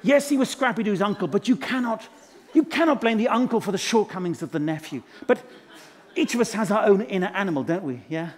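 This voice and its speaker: A man's voice: sits high, lively intonation, brisk. A man playing a pompous, self-adoring management guru in a live stage comedy act, spouting rhymes and quizzing the audience from a conference stage. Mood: boastful. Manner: showy rhyming wordplay, quizzes the audience. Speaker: motivational speaker character.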